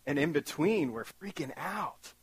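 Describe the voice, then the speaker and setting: A man giving a talk as a guest speaker, telling a story in an animated, self-mocking way and acting out his own panic. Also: on the high side, unhurried, slightly rough, no room sound.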